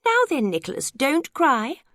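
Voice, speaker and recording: A woman voicing an excitable friend who squeals and giggles at jokes. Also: moderate pace, gravelly, slightly rough, no echo, studio quality, full character voice. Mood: giggly. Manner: high, squealing with mirth.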